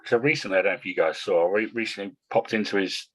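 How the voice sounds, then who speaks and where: A man's voice: on the low side, fast talker, low-quality recording. A man chatting bluntly as a podcast guest, swearing freely and repeating himself. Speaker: guest bodybuilder. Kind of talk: casual podcast chat.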